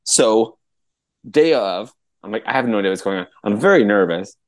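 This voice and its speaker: A male podcast co-host tells a story at a moderate pace, sounding casual and animated. He laughs a lot and raises his voice to a high pitch whenever he quotes someone.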